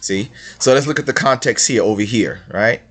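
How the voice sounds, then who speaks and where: In a relaxed screen-share session on religion, a male host with a lowish, fairly bright voice moves at a brisk clip. He reads passages out loud and circles back to his points, often posing rhetorical questions.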